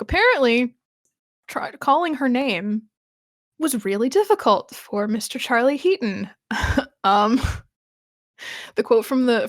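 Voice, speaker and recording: A woman's voice: fairly high pitch, no room sound, clean studio sound. A woman co-hosting a TV rewatch podcast, chatting casually and thinking aloud, with frequent restarts and small laughs. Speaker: podcast co-host.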